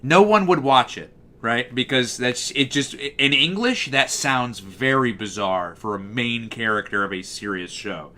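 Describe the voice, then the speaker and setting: A man with a bass-baritone voice, casually chatting on a livestream and answering messages from chat. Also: unhurried, bright, forceful tone. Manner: talkative, answers chat messages as they come in. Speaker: livestream host.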